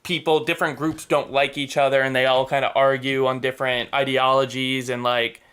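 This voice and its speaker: Podcast host man, bright and crisp tone, eager, rambling, casual chat. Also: mid-range voice, little pitch movement, brisk.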